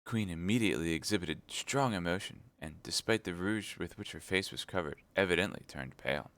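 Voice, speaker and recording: A man reading a hushed, confiding count. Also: sits low, lively intonation, a little fast, no room sound. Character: loyal male count, agent reporting secretly.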